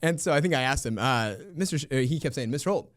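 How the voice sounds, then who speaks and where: A man in his thirties, a teacher telling a funny story in an interview, lively and laughing often. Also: medium pitch, fast, dry recording, clean studio sound. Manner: animated, laughs often, acts out quoted voices.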